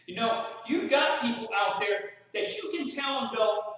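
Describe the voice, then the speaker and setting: A man's voice: very high-pitched, unhurried, a bit bright. A man preaching a sermon as pastor of a small church, folksy and acting out the voices he quotes. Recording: echoey church hall from far off.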